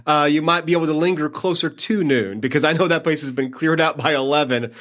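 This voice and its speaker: A man talks through upcoming city events in an upbeat, chatty way. His voice sits a bit higher than most men's. He rattles off dates and details with ease. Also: quick pace, a bit bright. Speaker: city tourism manager. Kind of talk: casual interview talk.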